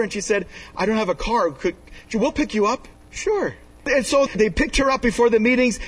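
A man with a high, husky voice preaches a sermon from a pulpit. He is emphatic, climbing into loud, high pleas and then sinking into low, hushed asides. The mic sits a little away from him in the room. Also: far from the mic, low-quality recording. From Canada. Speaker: pastor.

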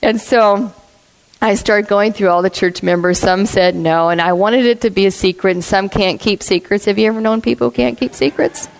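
A woman telling a story in a sermon, blunt and animated, acting out what people said. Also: medium pitch, moderate pace, vocal fry. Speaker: church speaker. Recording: long reverb of a hall.

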